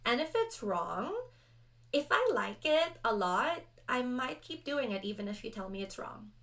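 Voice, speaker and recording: A young adult woman chatting casually and rambling through rules as she sets up a solo tabletop roleplaying game, animated and self-deprecating. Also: a little high, unhurried. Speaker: solo roleplayer and video host. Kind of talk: casual actual-play chat.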